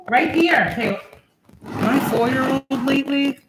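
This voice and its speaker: A woman's voice: high voice, slow. Young woman, spiritual reader, casual livestream chat, laughing, noisy home recording. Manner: chatty, laughing, talks to her kids between points. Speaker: spiritual reader and channel host.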